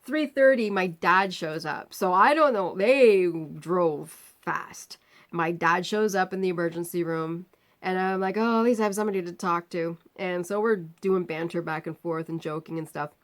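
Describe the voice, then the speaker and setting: A woman's voice: fairly low pitch, measured pace. Woman vlogger telling a story with animation. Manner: animated retelling, acting out the people in her story; drops to a weary, quiet tone when describing her pain. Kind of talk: casual storytelling to camera.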